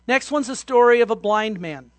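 Man preaching an animated sermon. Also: very high-pitched, normal speed, dry recording. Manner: storytelling, acting out scenes with shouts. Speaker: pastor.

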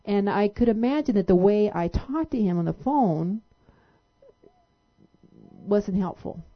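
A woman's voice: medium pitch, animated, a little slow. Chatty woman telling a personal story. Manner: chatty, full of "you know"s. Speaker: pastor's wife sharing a story. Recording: dull lo-fi recording.

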